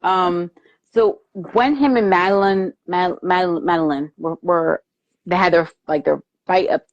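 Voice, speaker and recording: A woman hosting a casual live movie review chat, animated and quick to laugh, acting out lines from scenes as she retells them. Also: on the low side, no echo, dull audio. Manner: animated, quotes lines in put-on voices, lots of laughter. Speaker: host. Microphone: live video stream.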